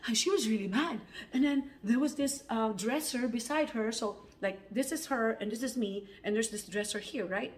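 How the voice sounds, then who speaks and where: A woman's voice: a little high, moderate pace, hardly any pauses. Woman, audition self-tape, chatty anecdote, acts out the quotes, filler-heavy. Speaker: actor auditioning. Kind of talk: casual storytelling to camera.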